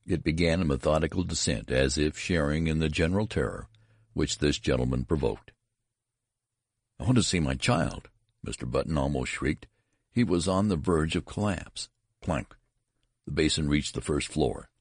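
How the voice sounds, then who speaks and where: A man narrating a story as an audiobook reading, with dramatic, expressive delivery. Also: very deep voice, moderate pace, dry recording, clean studio sound.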